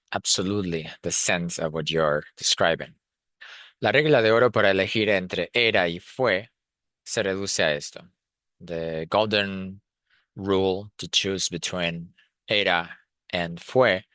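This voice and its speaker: Man, deep and bright. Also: no room sound. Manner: thinks aloud with frequent fillers and restarts, switches between Spanish and English. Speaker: Spanish teacher. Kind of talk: explanatory lesson, reading notes and translating.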